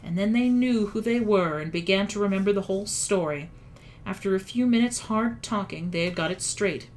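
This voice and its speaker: A woman reading a children's story aloud in a calm, even storytelling manner. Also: mid-range voice, moderate pace, a little hiss or hum. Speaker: audiobook reader. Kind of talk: storybook narration.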